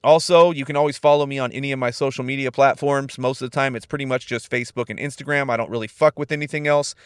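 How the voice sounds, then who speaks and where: A young man from California hosting a casual solo podcast, laid-back, profane and animated. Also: mid-range voice, quick pace, clean tone, no echo, studio quality. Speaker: podcast host.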